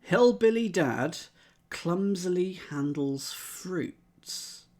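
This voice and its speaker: Male streamer, unhurried delivery, puzzles things out aloud, working through options one by one. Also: sits high, animated, a little mellow. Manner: muses aloud, methodically tries out letters and words. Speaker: streamer solving crosswords. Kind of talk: thinking aloud, chatting with live chat.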